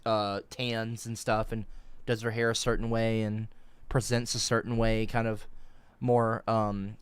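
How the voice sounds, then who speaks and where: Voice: clear, resonant tone, no room sound. An online commentator ranting about an article, emphatic and repetitive, with stammering restarts. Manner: emphatic, repetitive, stammering restarts, swings high when outraged.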